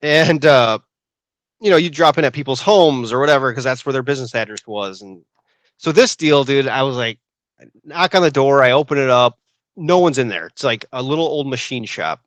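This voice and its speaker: A young adult man co-hosting a podcast, telling stories in a casual, animated way and saying "dude" a lot. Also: medium pitch, normal speed, dry recording. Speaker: podcast co-host. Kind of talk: casual chat.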